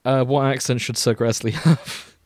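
A man's voice: medium pitch, fairly even intonation, normal speed, dry recording. A man, a podcast co-host, chatting casually and a bit hesitantly. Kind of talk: casual chat.

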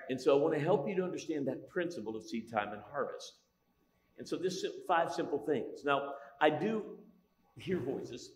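Joking pastor in an echoey hall. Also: male voice, a little high, lively intonation, moderate pace, a little mellow, a little hiss or hum. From Italian-American. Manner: joking, storytelling, many restarts. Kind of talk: humorous sermon. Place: large church hall.

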